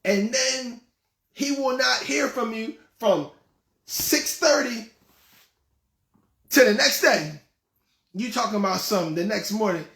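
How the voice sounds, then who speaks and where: A man's voice: sits high, a little slow, gravelly, long pauses, bright, forceful tone, roomy sound. A man hosting his own show, giving relationship advice in a blunt, scolding and mocking way, often laughing at his own points. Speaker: host and life coach.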